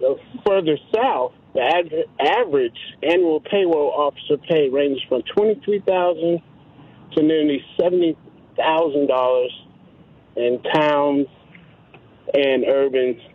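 A man calling in to a radio show, earnest and hesitant, pausing often with fillers. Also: a little high, slightly rough, no echo. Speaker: radio caller. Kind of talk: call-in radio talk. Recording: tinny phone line.

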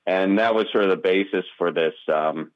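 A man with a Wisconsin accent, a comedian guest in a casual interview, talking haltingly with many restarts and fillers. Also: sits low, lo-fi sound.

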